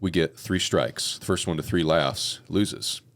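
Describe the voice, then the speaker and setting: A Texan man with a very deep, low voice hosts a laid-back podcast chat. He talks in an easy, joking way and slips into small voices when he tells dad jokes. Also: unhurried. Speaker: podcast host. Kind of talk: casual interview chat.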